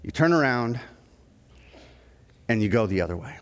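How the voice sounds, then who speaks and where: A male pastor delivers a sermon in a conversational storytelling manner, his mid-range voice neither high nor low. It carries a long reverb from a church sanctuary. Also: moderate pace. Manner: conversational storytelling, lively when telling a story.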